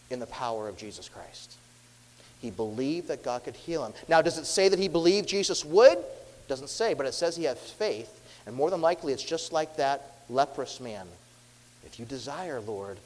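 A man preaching a sermon as a pastor, earnest and questioning, who drops his voice softly when quoting. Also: on the high side. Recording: long hall reverb.

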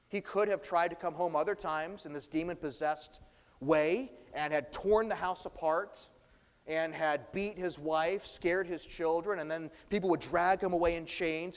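Earnest male preacher in a hall. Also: fairly high pitch. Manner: earnest, shifting between emphatic and hushed. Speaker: pastor. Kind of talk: sermon.

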